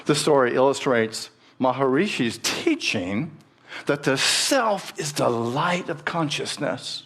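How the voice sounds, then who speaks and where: A man telling a story in a sermon, slow and pausing, voicing the characters as he goes. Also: medium pitch, lively intonation, fairly bright tone, husky. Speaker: minister.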